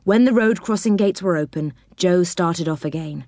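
A woman reading a children's story aloud in an expressive storytelling manner. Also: on the low side, normal speed, no room sound, clean studio sound.

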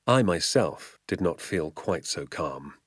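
A man narrating an audiobook in a low, grounded voice. He reads in a measured, vivid storytelling manner, and the recording is dry and close, with no room sound. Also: animated, fairly bright tone, husky, no room sound. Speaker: audiobook reader.

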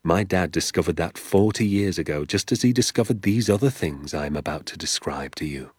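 A man voicing a hushed, secretive father. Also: low voice, expressive, brisk, breathy edge, no echo, clean studio sound. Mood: conspiratorial. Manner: hushed, confiding, drops to whispers. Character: secretive, enthusiastic middle-aged father. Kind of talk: audiobook character voice.

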